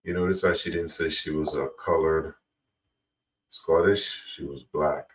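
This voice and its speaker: A man's voice: extremely low pitch, fairly even intonation, measured pace, slight background noise. A man hosting a reaction video, giving laid-back, preachy commentary. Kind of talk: casual commentary. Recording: voice a bit far from the mic.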